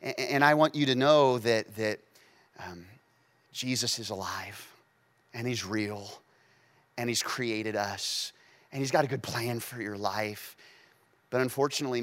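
A man preaching a sermon who swings between hushed, intimate moments and loud, emphatic stretches, acting out quotes with playful asides. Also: mid-range voice. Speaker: pastor.

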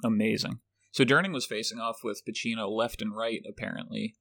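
A man's voice: lowish voice, steady tone, fairly quick, gravelly, fairly bright tone, no room sound. A man co-hosting a podcast in casual film chat, dropping dry quips and wry asides. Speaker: podcast co-host.

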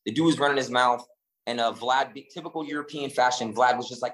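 A man co-hosting a casual chat, telling stories in an animated, profane and rambling way, full of restarts. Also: mid-range voice, quick pace, low-quality recording. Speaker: podcast co-host.

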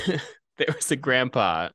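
A man's voice: medium pitch, very animated, slow pace, pushed and bright, dry recording. A man co-hosting a podcast in casual, playful chat, full of puns and frequent laughter. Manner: playful, punning, laughs often. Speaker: podcast co-host.

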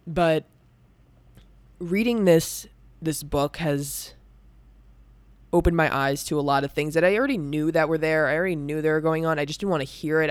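A woman's voice: low voice, no room sound. Candid young woman, dry close sound. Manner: rambling, many restarts and "like" fillers. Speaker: podcast host. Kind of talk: candid personal talk.

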